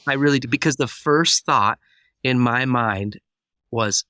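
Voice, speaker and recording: A man's voice: medium pitch, measured pace, sharp tone, dry recording. A man telling a personal story as a podcast guest, acting out the dialogue vividly. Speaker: guest speaker.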